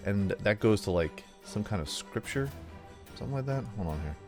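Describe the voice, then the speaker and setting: Young male let's-play host, low voice, rambling casual chatter, soft music under. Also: animated, moderate pace. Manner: chatty, rambling, self-mocking. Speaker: gaming video host.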